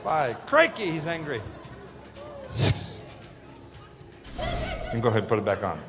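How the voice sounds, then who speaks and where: A man's voice: medium pitch, expressive, measured pace, music in the background. A man hosting a comedy hypnosis show on stage, teasing his volunteers with playful banter. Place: stage in a large hall. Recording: large hall with loud crowd.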